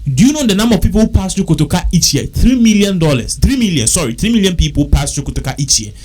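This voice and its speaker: A man's voice: high voice, very animated, quick pace, darkish tone. A man with a Ghanaian accent, talking casually and repetitively, working through figures aloud. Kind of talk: casual talk mixing English and Twi.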